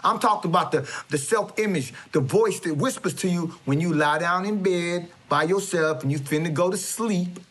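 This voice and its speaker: Guy with a slightly high voice preaching big in a comedy sketch, stumbles and restarts a lot. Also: moderate pace, few pauses, fairly bright tone. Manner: preachy, swaggering, stammering restarts. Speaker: comedic motivational speaker character.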